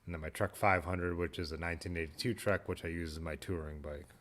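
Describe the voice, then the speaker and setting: A man's voice: low voice, fairly even intonation, fast, fairly bright tone. A man, hosting a casual livestream, reading viewer comments aloud and chatting in a laid-back, rambling way. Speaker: livestream host.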